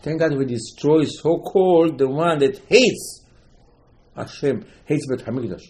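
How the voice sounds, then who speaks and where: A man's voice: a little high, animated, a little slow, darkish tone, poor audio. A man giving an informal religious talk, telling a story with many repetitions and emphatic rising outbursts. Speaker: religious teacher.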